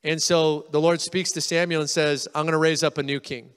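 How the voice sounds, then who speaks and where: A male pastor preaches in a loose, conversational storytelling style, slipping into the voices of the people he describes. His voice sits a little high and comes through smooth and resonant. A long reverb trails after him, as in a big church hall. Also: level tone, a little fast, a bit bright. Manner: casual storytelling, acts out quoted voices. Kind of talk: sermon.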